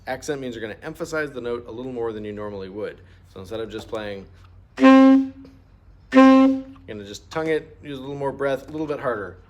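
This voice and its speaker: This instrument lesson walkthrough comes from a middle-aged man who explains things patiently, one step at a time, asking his students to repeat terms aloud. He talks rapid-fire with few pauses in a mid-range voice.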